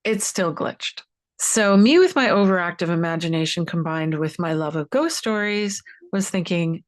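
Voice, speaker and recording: A woman telling a personal ghost story as a guest, lively and expressive, acting out the quoted lines. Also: lowish voice, normal speed.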